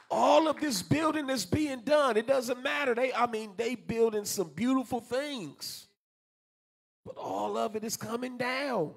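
A man preaching a scripture class, animated and colloquial, repeating words for emphasis. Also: extremely high pitch, a little slow, gravelly. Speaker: teacher of a congregation class.

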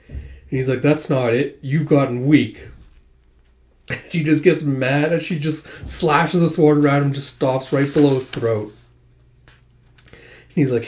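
A man's voice: on the high side, steady tone, moderate pace, darkish tone. A man casually reading through a manga volume, retelling the dialogue with frequent laughs and filler. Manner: chatty, laughs often, reads dialogue with "he's like". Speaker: manga reader.

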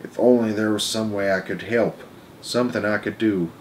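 A man's voice: lowish voice, steady tone, normal speed, a little hiss or hum, natural voice. A man reading a tender worried mother. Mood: sorrowful. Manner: soft, soothing, sorrowful. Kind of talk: storybook read-aloud.

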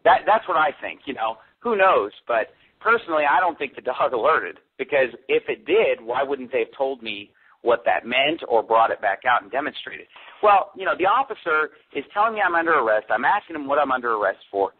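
Husky man telling his story over a phone line. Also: medium pitch, a little fast. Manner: animated storytelling with quoted dialogue. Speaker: pastor, interview guest. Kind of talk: phone-in radio interview.

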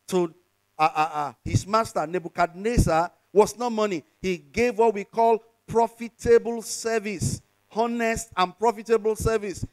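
Nigerian man, pastor, high voice, sermon, calls out to the congregation, mixes English and Yoruba. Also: unhurried. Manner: preaching with call-and-response to the congregation.

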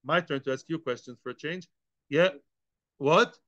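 High bright-voiced guy teaching talmud, tosses out rhetorical questions, dull dry lo-fi sound. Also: normal speed, no echo. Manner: animated, rhetorical questions, acts out both sides. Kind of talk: Talmud class lecture.

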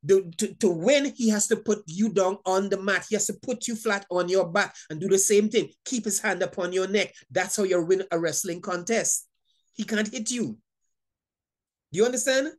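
A woman's voice: medium pitch, moderate pace. A woman preaching a Bible lesson in an emphatic, repetitive way, often stammering over words and laughing between points. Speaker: Bible teacher. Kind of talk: sermon teaching.

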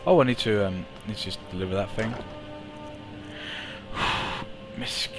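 A man's voice: fairly low pitch, wildly swooping pitch, a little slow, over music. A young man streaming a game live and talking through it, with cocky, boastful banter full of swearing. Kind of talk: live gameplay commentary.

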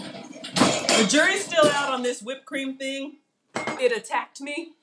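A woman's voice: sits high, slow pace, background noise. A middle-aged woman hosting a live cooking stream in her home kitchen, chatting casually, laughing and reading viewer comments aloud.

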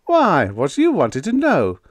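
A man's voice: fairly high pitch, wildly swooping pitch, slow, no echo, voice pushed up, full character voice. A man voicing an eager, gangly young ship officer who chortles with triumph. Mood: gleeful.

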